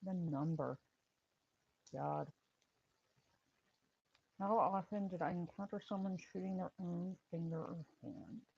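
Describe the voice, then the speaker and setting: A middle-aged woman, a former paramedic and firearms instructor, hosting a casual live stream, telling stories with animated repetition and answering chat. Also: lowish voice, slow pace, gravelly, long pauses, husky, muffled recording. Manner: animated storytelling, repeats phrases, answers chat.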